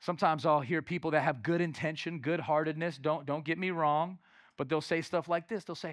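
A man preaching a sermon as pastor, emphatic and repetitive, swinging from loud to hushed. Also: a little high, steady tone, a little fast, dry recording, studio quality.

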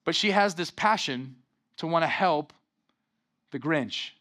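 Bright-toned animated preacher man. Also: fairly high pitch, measured pace. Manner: animated preaching with call-and-response "amen". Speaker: pastor. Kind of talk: sermon.

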